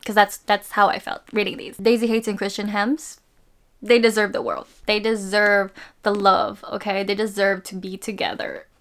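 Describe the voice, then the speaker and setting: A woman talking through her recent reads in a casual vlog. Her voice sits at an ordinary middle pitch, and she is chatty and expressive. She gushes over her favorites and laughs easily. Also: moderate pace. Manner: gushing, playful and expressive, laughs often. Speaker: book reviewer.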